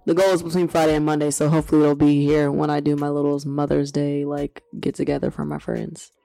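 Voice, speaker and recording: A young adult woman co-hosting a casual podcast, telling stories in an animated, emotional way and laughing a lot. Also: deep voice, fast, vocal fry. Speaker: podcast co-host.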